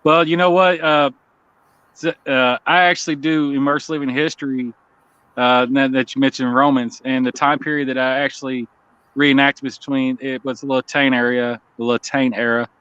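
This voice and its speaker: A man's voice: medium pitch, little pitch movement, normal speed, fairly bright tone, clear, resonant tone, no echo. A man co-hosting a livestream coin auction, chatting casually, laughing often and greeting viewers in the chat. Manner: laid-back, laughs often, chats with viewers. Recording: slightly dull lo-fi stream audio.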